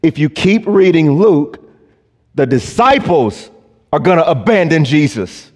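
A male pastor preaching a sermon, slow and deliberate, rising to emphatic peaks. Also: a little high, lively intonation. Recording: long church reverb.

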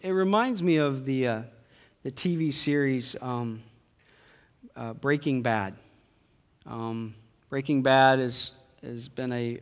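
A man preaching a sermon, emphatic, dropping to quiet asides and building to loud high peaks. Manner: emphatic preaching, swings between soft low asides and loud high climaxes. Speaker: pastor. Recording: long hall reverb.

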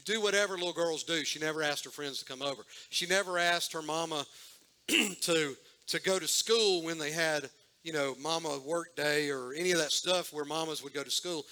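A man's voice: fairly high pitch, sharp tone, low-quality recording. A man preaching a sermon, telling a story in a folksy way and talking directly to the congregation.

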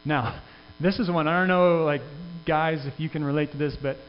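A man's voice: fairly high pitch, fairly even intonation, moderate pace. A man preaching a sermon as pastor, in an earnest, conversational way with frequent restarts. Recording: dull sound with long reverb and faint hum.

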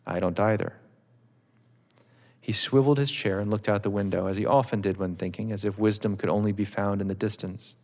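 Gravelly low-voiced man reading aloud. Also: steady tone, darkish tone. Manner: measured, wry literary reading. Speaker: author reading his novel. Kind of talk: public reading to a live audience. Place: auditorium stage. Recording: long reverb of a large hall.

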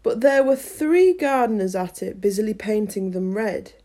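An audiobook reader opens with a chatty intro, then reads a children's classic aloud, staying chatty and self-deprecating between chapters. Her medium-pitched voice is animated and dark in tone, at a normal speed.

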